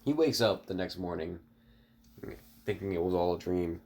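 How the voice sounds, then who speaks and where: Guy rambling thru a made up story for his viewers, lots of uhs, kinda low voice. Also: lively intonation, moderate pace, mellow. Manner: rambling, many fillers and restarts, talks to viewers. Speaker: online storyteller. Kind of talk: casual improvised story narration.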